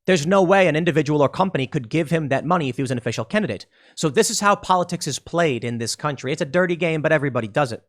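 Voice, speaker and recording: A man giving casual solo political commentary, animated and quick to slip into mocking voices. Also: fairly high pitch.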